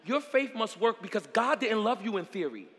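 A man preaches a sermon in a strikingly high, bright voice that rings through a hall with a long echo. He swings from hushed, intimate lines to full shouts and repeats key phrases for emphasis. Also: very animated, normal speed, slight background noise.

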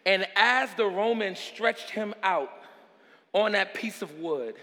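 A man preaches a sermon in a strikingly high, bright voice that rings through a hall with a long echo. He swings from hushed, intimate lines to full shouts and repeats key phrases for emphasis. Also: animated, slow pace.

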